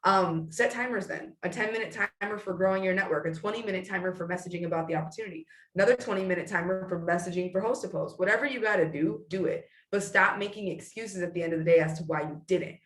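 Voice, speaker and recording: A woman in her thirties gives her sales team a blunt, fast-paced pep talk in a casual live-video style, often stopping to restart her sentences. Her voice sits a little low. She is recorded from some distance in a roomy space. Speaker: direct sales team leader.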